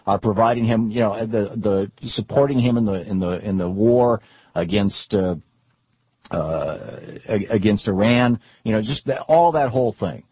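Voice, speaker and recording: Husky middle-aged man, rambling political talk. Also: lowish voice, normal speed, dry recording. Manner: rambling, frequent restarts and repeated words. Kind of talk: unscripted political talk with anecdotes. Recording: dull lo-fi recording.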